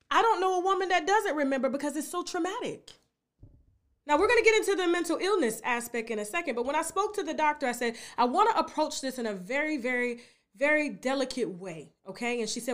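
A woman host, talking straight to her audience in an animated, sassy monologue full of "okay?" and "you understand?". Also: high voice. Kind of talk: casual talk-show monologue.

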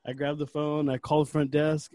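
A man's voice: on the high side, level tone, moderate pace, mellow, no room sound. A young man co-hosting a casual podcast, telling a story with lots of swearing and acting out his own breathlessness. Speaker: podcast co-host.

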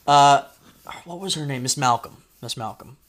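A man hosting a casual podcast chat, telling a story with lively acted-out quotes. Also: mid-range voice, moderate pace. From Florida. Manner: animated, acts out shouted quotes. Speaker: podcast host.

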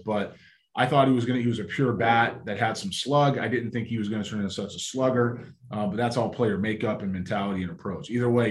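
A man, a former baseball scout, telling stories in casual chat and acting out the voices of people he talked to. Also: mid-range voice. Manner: animated storyteller acting out phone calls. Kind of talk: casual storytelling.

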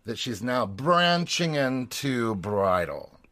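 A man's voice: medium pitch, big pitch swings, takes it slowly, pushed and bright, dry recording. A man co-hosting a casual podcast, recapping a reality show with playful, dramatic asides. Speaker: podcast co-host.

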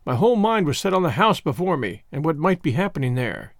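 A male audiobook narrator with a high, very lively voice, telling a first-person adventure in a measured way. The recording is dry and close, with no room sound. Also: dry recording. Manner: measured storytelling with acted dialogue.

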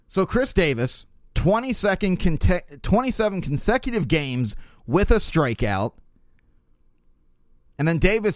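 A man's voice: fairly high pitch, no room sound, clean studio sound. A young man hosting a casual sports talk podcast, rambling in a sarcastic, exasperated way. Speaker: podcast host.

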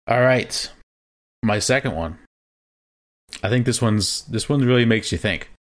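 A young man co-hosting a podcast, chatting casually and rambling a little with restarts. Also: lowish voice. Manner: laid-back, rambling with restarts. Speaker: podcast co-host. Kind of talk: casual chat.

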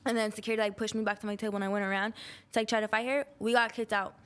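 A young woman casually telling a crude, animated story in a chat and acting out the other people in it. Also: medium pitch, rapid-fire. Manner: animated, crude, acts out quoted voices.

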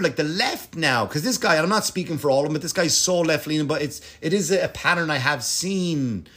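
A man's voice: mid-range voice, fairly bright tone. Comedian guy ranting to his followers, swears a lot, keeps restarting sentences. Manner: rambling, profane, lots of restarts and fillers. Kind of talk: casual ranting monologue.

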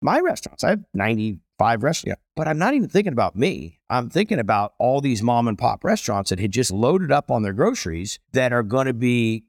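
Man, middle-aged, emphatic storyteller, very animated pitch, dry sound. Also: no echo. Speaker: celebrity chef guest. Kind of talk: casual conversation.

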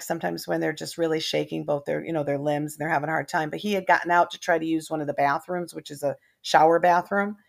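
A woman's voice: on the low side, gravelly. An older woman telling long family anecdotes in casual chat, rambling with many restarts.

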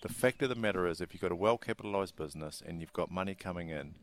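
Deep-voiced businesslike New man. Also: slight background noise. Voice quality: measured, businesslike. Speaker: racing industry chief executive, guest. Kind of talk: interview answers.

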